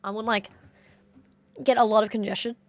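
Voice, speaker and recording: A woman's voice: mid-range voice, level tone, normal speed, background noise. An Australian woman streamer with a congested nose, chatting casually to her live audience and telling stories full of "like" fillers. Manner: chatty storyteller, rambling with many "like" fillers. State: nasal congestion. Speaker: game streamer.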